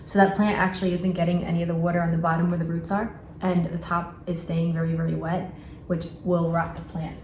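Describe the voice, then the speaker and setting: Speaking fairly quickly in a lowish, level voice, a woman with a New York accent chats through a plant-care vlog while repotting at home, using many fillers and correcting herself. The room echoes, and background noise comes through clearly.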